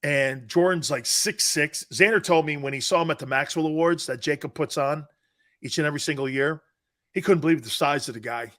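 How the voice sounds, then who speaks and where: A middle-aged American man hosting casual live sports talk, animated and laughing, reading out viewer comments. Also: on the high side, a little fast. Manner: animated, loud bursts, laughs a lot.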